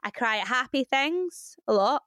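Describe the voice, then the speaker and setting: A woman's voice: high voice, animated, normal speed, fairly bright tone, dry recording, studio quality. A young woman co-hosting a podcast, talking candidly in casual chat and laughing often. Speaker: podcast co-host.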